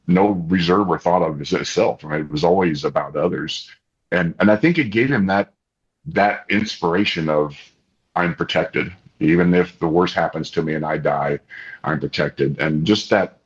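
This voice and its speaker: A man, an interview guest and family spokesman, telling stories in an excitable, animated way with many restarts. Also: low voice. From Kansas. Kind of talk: casual interview storytelling. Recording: slightly dull lo-fi audio.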